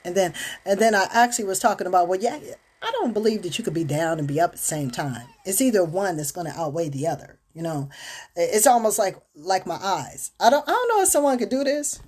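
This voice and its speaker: A woman's voice: mid-range voice, expressive, fast talker, darkish tone, husky. A woman hosting her own show, talking in a rambling, chatty way with many fillers and restarts. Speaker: host. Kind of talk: casual spoken monologue.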